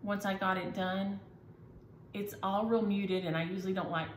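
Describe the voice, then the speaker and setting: Speaking at a normal speed with a flat delivery, a middle-aged needlework vlogger chats casually and enthusiastically as she shows her work. Her pitch is medium. The recording has an echoey room and faint ambient noise.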